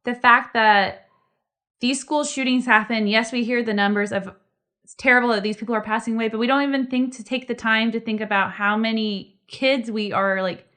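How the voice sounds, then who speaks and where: A woman's voice: fairly high pitch, steady tone, normal speed, a bit bright, smooth. A woman in her thirties co-hosting a podcast, chatting casually in an earnest, reflective way. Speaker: podcast co-host. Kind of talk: casual chat.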